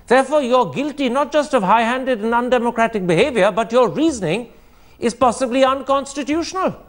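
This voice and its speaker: A man's voice: very high-pitched, animated, brisk. A man hosting a TV debate, pressing his guests with pointed, insistent questions. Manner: insistent, cross-examining. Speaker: host.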